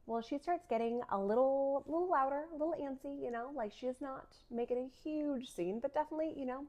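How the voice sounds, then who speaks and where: A woman's voice: high-pitched, fast, dark tone. A woman in her thirties telling a personal faith story in a casual, chatty way, with lots of filler words and frequent laughter. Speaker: vlogger sharing a faith story.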